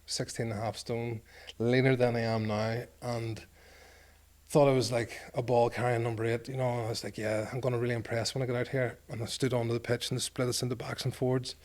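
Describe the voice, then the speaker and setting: A man's voice: mid-range voice, flat delivery, fairly quick, darkish tone. A Northern Irish man in his forties, a former rugby player telling stories in an interview in a self-deprecating way, acting out the things people said. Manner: self-deprecating, acts out quoted exchanges. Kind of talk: storytelling interview.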